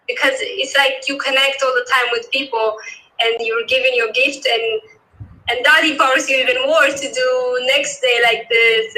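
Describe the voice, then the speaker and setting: Soft-spoken woman, bright and high. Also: low-quality recording. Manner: soft-spoken and halting, full of "you know". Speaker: coaching client and guest. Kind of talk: casual interview.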